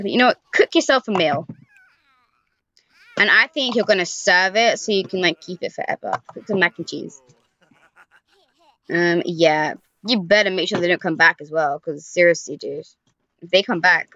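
A woman's voice: on the low side, sharp tone, no echo. Brief: young woman, casual game commentary, talks to characters, dull dry home mic. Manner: chatty, talks to the game characters, frequent sighs and groans. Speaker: gaming YouTuber. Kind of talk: casual let's-play commentary. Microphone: desk microphone.

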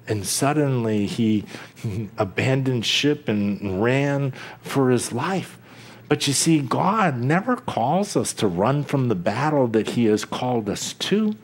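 A man preaching a sermon as pastor, slow and deliberate, with dramatic pauses, sudden quiet drops and chuckles between points. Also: medium pitch, lively intonation, husky.

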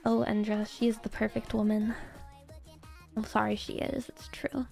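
High-voiced giggly woman streamer. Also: little pitch movement, moderate pace, gravelly, long pauses, a little mellow, soft background music. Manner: giggly, gushing storytelling with frequent laughs. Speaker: VTuber streamer. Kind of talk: casual stream chat.

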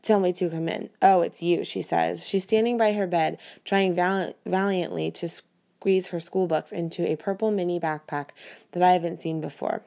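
A woman reading a first-person novel aloud in an even, measured storytelling way. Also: fairly low pitch, vocal fry. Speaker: reader.

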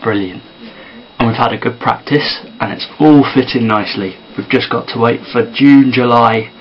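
A man talking quietly and softly to camera in a casual sit-down vlog. He sounds tired. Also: mid-range voice, normal speed, dull audio. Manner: quiet and soft-spoken. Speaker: vlogger and amateur filmmaker.

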